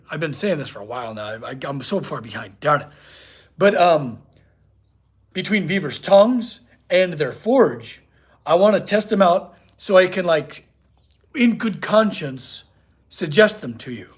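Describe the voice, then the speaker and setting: Young male blacksmith streamer with a husky, slightly high voice; loose, rambling chat in his workshop. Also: lively intonation, moderate pace. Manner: chatty, rambling, reads chat aloud. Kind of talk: casual live-stream chat. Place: home workshop.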